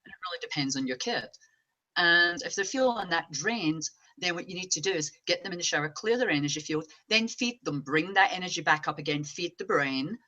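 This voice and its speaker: A woman, a psychic medium, chatting as an interview guest and telling stories in an animated way. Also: lowish voice, brisk, highs cut off. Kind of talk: casual interview chat.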